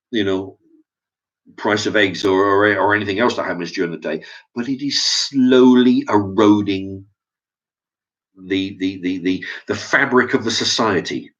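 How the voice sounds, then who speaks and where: Low-voiced English man ranting, hesitant. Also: steady tone, unhurried, a bit bright. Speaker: vlogger. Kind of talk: opinion rant to camera. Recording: dull lo-fi recording.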